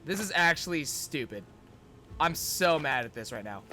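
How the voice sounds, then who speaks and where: Bright, animated male game streamer. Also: a little high, normal speed, a little hiss or hum. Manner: exasperated, swearing, talking at the game. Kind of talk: gaming livestream commentary.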